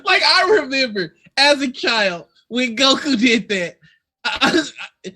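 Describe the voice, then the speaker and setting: Slow, high-voiced laid-back man. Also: lively intonation, pushed and bright. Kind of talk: casual chat.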